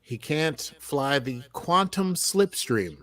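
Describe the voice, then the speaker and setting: A man's voice: on the high side, expressive, slow pace, sharp tone. An American man co-hosting a podcast, chatting casually and rambling through an episode recap with lots of fillers and restarts. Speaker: podcast co-host.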